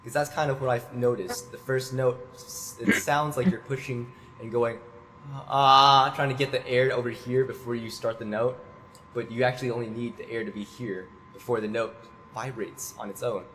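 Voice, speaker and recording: Male voice coach, calm and explanatory, mid-pitched, demonstrates vowels in a lesson. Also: normal speed, slight background noise. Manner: patient, explains and demonstrates sung notes. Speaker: voice teacher. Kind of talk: online singing lesson.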